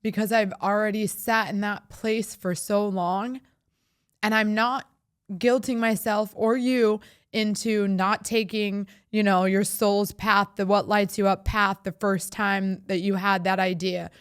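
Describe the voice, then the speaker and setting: A woman's voice: medium pitch, little pitch movement, unhurried, smooth, no room sound, clean studio sound. A woman, hosting a podcast and speaking in a heartfelt, reflective way, often laughing as she talks. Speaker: podcast host. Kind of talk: personal reflective monologue.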